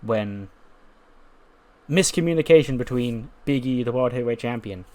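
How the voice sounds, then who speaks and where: Give me a man doing animated, casual game commentary at a medium pitch. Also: moderate pace. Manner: animated, recapping with lots of fillers. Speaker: gaming video host.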